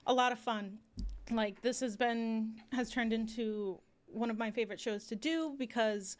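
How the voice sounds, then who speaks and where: A woman producer talking with the show's hosts. Her voice sits a little high, and she speaks warmly, a little emotional and full of thanks. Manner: warm, grateful, a little emotional. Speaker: show producer. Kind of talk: casual chat.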